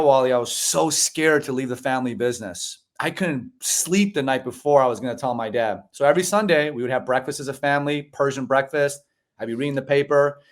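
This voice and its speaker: A man in his forties, a guest telling his story in a casual interview over a video call, acting out voices and saying "bro" and "man". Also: mid-range voice. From United States (Chicago). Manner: animated storyteller, acts out quoted dialogue, says "bro" and "man". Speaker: podcast guest.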